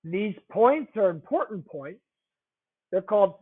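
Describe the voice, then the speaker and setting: A man's voice: high-pitched, animated, a little slow. A man teaching a math lesson, talking conversationally, repeating key phrases and checking in with the class. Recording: tinny phone-like audio.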